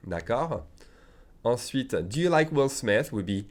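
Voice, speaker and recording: A man with a French accent teaching a French lesson, patiently repeating example phrases slowly and then at speed. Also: medium pitch, animated. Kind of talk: language lesson.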